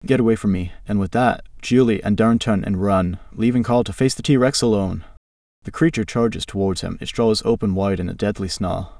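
A man reading a scripted adventure story in a steady, dramatic narration. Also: lowish voice, moderate pace, vocal fry, no echo. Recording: distant dry mic.

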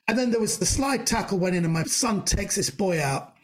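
A man's voice: sits high, expressive, fast, few pauses, background noise. A middle-aged man, a comedian guest, animatedly telling a story and acting out the voices of the people in it. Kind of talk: storytelling anecdote.

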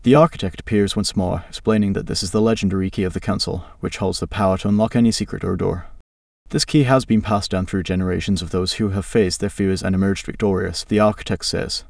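A man narrates an adventure story in a gravelly, fairly low voice. His reading is even and flat, with little change for the characters' lines. The sound is dry and he sits a little back from the microphone. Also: fast, dry recording, recorded from a distance.

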